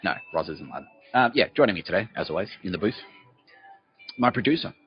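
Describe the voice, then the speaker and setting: A deep-voiced, fast-talking man with lively intonation hosts a podcast, delivering a profane, rambling comedic monologue in a mock-conspiratorial way. The recording is dull and lo-fi, with faint music behind him.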